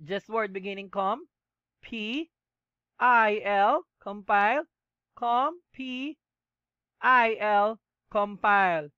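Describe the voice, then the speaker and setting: A woman with a Filipino accent teaching a class, mixing English and Tagalog and slowly spelling out words letter by letter. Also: mid-range voice, sharp tone, clear, resonant tone, no room sound, dull audio. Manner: slow and methodical, spells out letters one by one. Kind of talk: classroom lecture.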